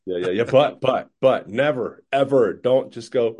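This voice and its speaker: A man giving casual sales coaching, lively and acting out customer conversations. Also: mid-range voice, unhurried. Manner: animated, acts out customer dialogues.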